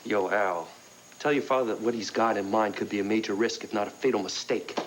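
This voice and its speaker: An actor playing a cautious man who earnestly warns his brother, in 1980s TV soap acting, recorded in an echoey room with loud hiss. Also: lowish voice, steady tone, brisk, close to an everyday voice. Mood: worried. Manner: earnest, worried urging. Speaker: brother and uncle.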